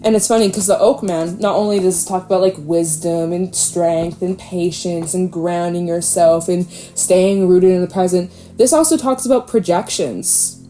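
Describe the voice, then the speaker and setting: A woman giving a casual, animated tarot reading, swearing freely and laughing often. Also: fairly low pitch, normal speed, few pauses, soft background music. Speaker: tarot reader.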